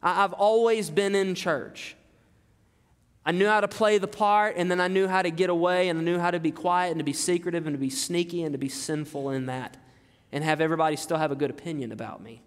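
A man's voice: fairly high pitch, steady tone, fairly quick. A man preaching a sermon as pastor, emphatic and repetitive, asking his listeners rhetorical questions. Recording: long hall reverb.

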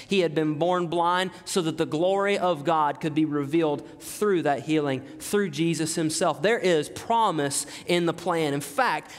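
A male preacher giving a sermon, telling stories and acting out quotes with dramatic emphasis. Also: on the high side. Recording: long hall reverb.

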